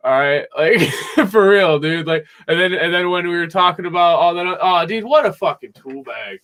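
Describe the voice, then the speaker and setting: A young man hosting a podcast from a home music room, chatting casually in a rambling, excitable way and swearing a lot. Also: sits high, moderate pace. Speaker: podcast host. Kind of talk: casual chat.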